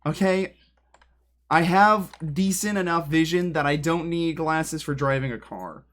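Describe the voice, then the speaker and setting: Chatty, higher-voiced male streamer. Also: measured pace, a bit bright. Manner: rambling, joking, talks straight to chat; drifts away from the mic while moving around. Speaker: livestreamer. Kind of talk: casual livestream chat. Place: home room with a piano.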